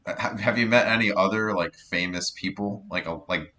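Man with a very deep, bright voice. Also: normal speed. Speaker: podcast co-host. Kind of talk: casual chat.

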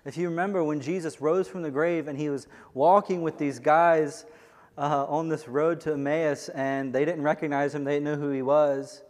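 Male host, earnest casual Bible talk, a bit high-pitched, echoey room. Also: steady tone, moderate pace. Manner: earnest, casual, quotes scripture. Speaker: host commenting on a sermon clip.

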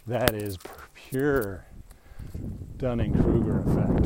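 A middle-aged man walks outdoors and vlogs into a handheld mic, his low-leaning voice unhurried amid heavy noise. The talk is a casual, rambling rant full of opinions and frequent laughter.

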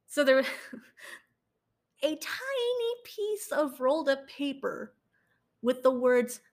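A woman's voice: high voice, sing-song, drawn-out words, long pauses. A young woman co-hosting a podcast who recaps a true-crime case in casual storytelling, laughing often, stumbling over words and correcting herself with frequent ums. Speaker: podcast co-host.

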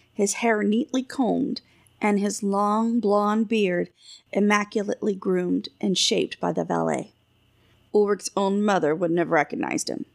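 A woman author narrating her own fantasy novel in a steady, measured audiobook reading. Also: mid-range voice, vocal fry.

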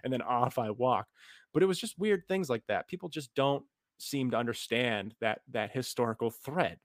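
A man's voice: medium pitch, moderate pace, no room sound, studio quality. An American man in a casual podcast chat, ranting about history and politics with sarcasm and frequent swearing. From United States.

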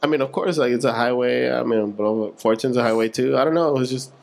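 Young dude on a podcast, mid pitch, chill, cusses a lot, does little voices for people in his stories. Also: quick pace, creaky, darkish tone. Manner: laid-back, swears casually, acts out dialogue. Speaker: podcast co-host. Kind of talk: casual chat.

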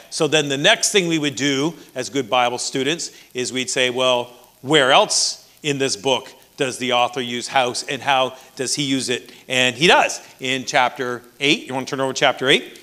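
A man's voice: a little high, bright, forceful tone. A man with a Canadian accent preaching a sermon as pastor, conversational with dry jokes.

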